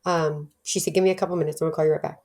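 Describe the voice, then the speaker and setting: A woman's voice: low-pitched, steady tone, racing, darkish tone. A middle-aged woman telling her own recovery story in a candid, casual way. She acts out the people she quotes and talks with many fillers and restarts.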